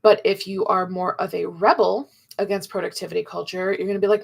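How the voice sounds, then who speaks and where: Woman teacher on a video call, chatty and playful, gravelly fry in the voice. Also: fairly low pitch, flat delivery, a little fast. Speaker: online class teacher. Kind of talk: live online class.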